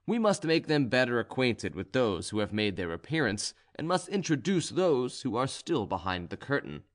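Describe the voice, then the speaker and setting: A man reading a nineteenth-century crime story aloud at a measured pace. His pitch sits in an ordinary middle range. The delivery is steady and even, as a scripted audiobook narration.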